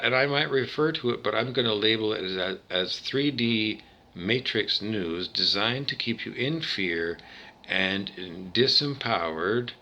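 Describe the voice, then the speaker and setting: A man's voice: on the low side, pushed and bright, slight background noise. A man from Canada talking alone to camera in a rambling, digressive monologue full of tangents and restarts. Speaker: vlogger.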